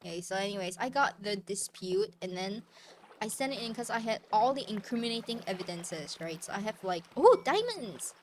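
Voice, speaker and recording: A woman's voice: medium pitch, brisk, slight background noise. A woman streamer chatting casually while gaming, ranting and swearing freely. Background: background music.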